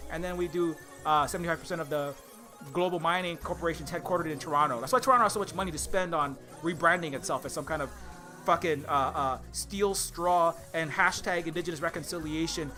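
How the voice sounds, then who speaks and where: A man speaks in a high, sharp, forceful voice, with faint music behind him. He delivers an angry monologue full of swearing. He stumbles and repeats words but keeps pressing his point. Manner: angry, profane, rapid-fire ranting with stumbles. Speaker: indie game developer. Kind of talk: political rant monologue.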